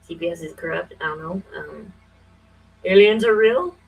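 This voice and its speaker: A woman in her forties hosting a casual livestream, thinking aloud with many fillers and breaking into quick, emphatic, conspiratorial bursts. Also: fairly low pitch, gravelly, slightly rough, low-quality recording. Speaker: livestream host.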